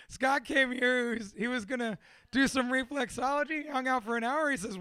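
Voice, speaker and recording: A man's voice: extremely high pitch, normal speed, sharp tone, smooth, no room sound, clean studio sound. A man in his thirties, a motivational speaker, rambling profanely and self-deprecatingly through a candid personal monologue.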